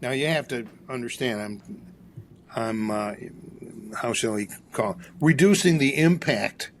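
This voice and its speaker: A man's voice: medium pitch, normal speed, a little hiss or hum. An older man, a therapist guest, telling a story in an interview and acting out the dialogue with energy. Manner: animated storyteller, acts out dialogue.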